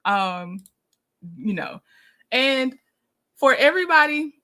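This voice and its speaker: A woman's voice: high-pitched, animated, slow pace, sharp tone. A woman hosting a casual livestream, greeting viewers by name and laughing often. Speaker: livestream host.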